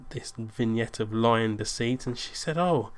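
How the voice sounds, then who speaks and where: Speaking at normal speed in a medium-pitched voice, a young storyteller rambles through a casual anecdote. He keeps interrupting himself with corrections and grows animated when quoting himself.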